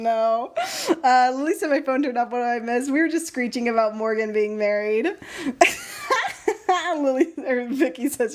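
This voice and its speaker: A young woman hosting a casual live stream, chatting with viewers while she draws, bubbly and easily excited. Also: fairly high pitch. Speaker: live-stream host and sticker artist.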